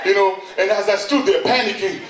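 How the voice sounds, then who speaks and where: Middle-aged Kenyan man, stand-up storyteller, higher voice, lively, heard from afar in a roomy hall. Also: brisk, far from the mic. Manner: animated, acts out voices and shouts. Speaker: stand-up comedian. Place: event hall on stage. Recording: echoey hall, mic from afar, noisy.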